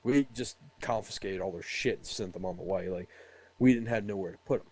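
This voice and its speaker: A man's voice: low-pitched, brisk, darkish tone, breathy edge, rough recording. Young man telling a rambling army story. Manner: rambling, profane storytelling, laughs often. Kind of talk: casual chat.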